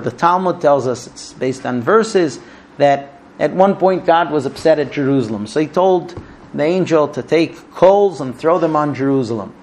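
A man with a fairly high voice leads a Talmud class, telling stories and working through questions. His delivery is animated, with big swings of intonation and casual restarts and fillers. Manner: animated, storytelling with vivid intonation. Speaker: Torah teacher.

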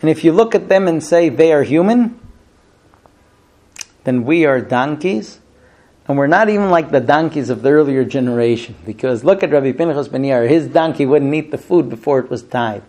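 A man's voice: on the high side, a little fast, dark tone. A man teaching a Talmud class who explains cases and acts out little dialogues.

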